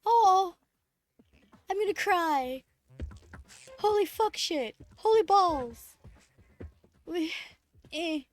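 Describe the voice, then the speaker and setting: Very high-voiced excitable woman streamer. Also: very slow, long pauses. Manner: excitable, profane, laughing often. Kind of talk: casual live-stream chat.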